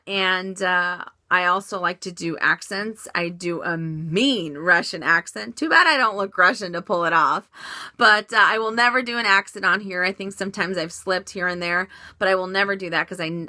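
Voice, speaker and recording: A woman's voice: fairly low pitch, sharp tone, no echo. A woman chatting casually as she answers viewer questions in a vlog, upbeat with many fillers and restarts.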